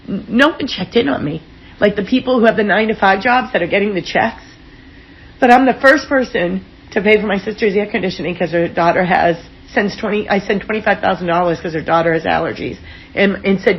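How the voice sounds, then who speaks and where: A woman speaking as an interview guest, telling personal stories in a frank, expressive way with casual swearing. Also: mid-range voice, brisk, dull audio. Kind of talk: candid personal storytelling in an interview.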